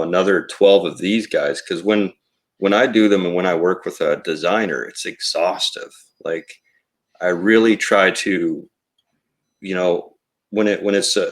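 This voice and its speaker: Deep-voiced, rambling toy maker. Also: male voice. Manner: rambling and reflective, with many fillers. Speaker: toy company co-founder. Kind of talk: casual podcast conversation.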